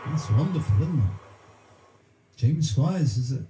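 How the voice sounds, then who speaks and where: Chatty male performer-host, playful storyteller, warm tone, echoey home sound. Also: mid-range voice, expressive, a little slow, slight background noise. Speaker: musician and live stream host. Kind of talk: casual banter between songs.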